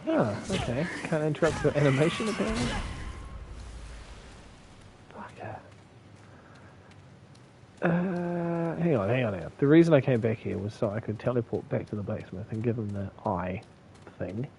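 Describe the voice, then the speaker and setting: A man's voice: medium pitch, lively intonation, normal speed, very noisy. A man from New with a slight lisp, mumbling and laughing through casual, profane commentary as he streams a game. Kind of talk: casual live gameplay commentary.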